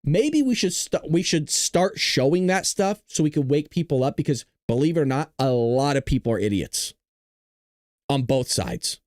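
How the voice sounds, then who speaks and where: A man hosts a political commentary show and speaks bluntly, swearing freely. His pitch swings widely as he goes. The sound is close and dry. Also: moderate pace, dry recording. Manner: blunt, profane, animated. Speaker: host.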